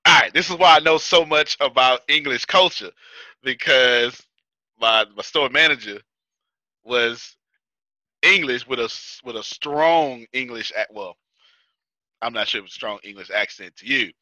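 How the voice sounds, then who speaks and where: A man's voice: mid-range voice, a little slow, pushed and bright, no echo. Chatty laughing man. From United States. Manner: chatty, laughs often, repeats himself. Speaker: business class host. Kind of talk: casual lecture to a class. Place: Houston.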